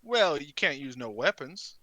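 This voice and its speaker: A man narrating a tabletop game as game master, rowdy and laughing, shouting his characters' lines. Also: fairly high pitch, very animated, unhurried, no room sound.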